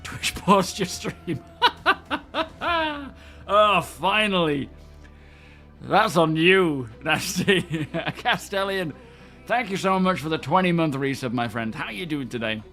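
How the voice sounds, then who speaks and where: A man's voice: a little high, expressive, measured pace, pushed and bright, soft background music. A young man streaming a game, chatting casually and greeting his viewers by name. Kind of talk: casual live-stream chat.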